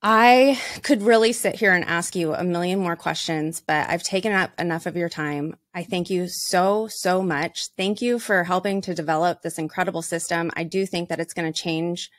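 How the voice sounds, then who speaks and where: A woman's voice: lowish voice, normal speed, few pauses, dry recording. A woman hosting a podcast interview, speaking in an effusive, grateful way to her guest. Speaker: podcast host. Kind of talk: interview chat.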